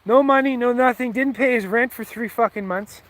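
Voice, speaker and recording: A man's voice: very high voice, moderate pace, fairly bright tone. A man telling a rambling, heated story with lots of swearing, in a casual, offhand way. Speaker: vlogger.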